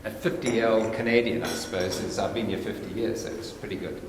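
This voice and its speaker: A man's voice: fairly low pitch, fairly even intonation, brisk. Older South African man in echoey hall. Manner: conversational, digressive, good-humoured. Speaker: guest lecturer. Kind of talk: informal lecture. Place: large lecture hall. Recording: echoey lecture hall, faint hiss.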